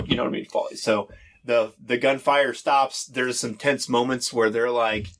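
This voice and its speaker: A man running a tabletop role-playing game as game master, narrating in a halting, laughing way and briefly acting out side characters. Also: medium pitch, fairly even intonation, fairly bright tone, slight background noise. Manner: halting, laughing, acts out soldiers' lines.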